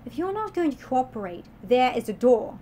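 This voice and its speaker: A woman's voice: sits high, sing-song, moderate pace, mellow, slight background noise, pitched above the performer's own voice. A woman voicing a prim, strict woman guardian who scolds, in a self-read story. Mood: scolding.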